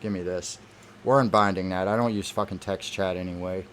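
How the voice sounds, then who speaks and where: Low-voiced man ranting through gameplay. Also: fairly even intonation, a little fast, a bit bright, slight background noise. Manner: irritated, heavily profane ranting. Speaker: gamer. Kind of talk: gameplay commentary.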